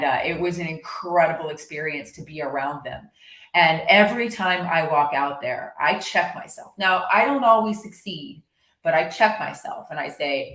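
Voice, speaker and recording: A woman talks through coaching ideas in a loose, rambling way, restarting sentences as she goes. Her voice sits on the low side. The room around her is echoey. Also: a bit bright. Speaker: horse-based coach. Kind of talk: casual monologue.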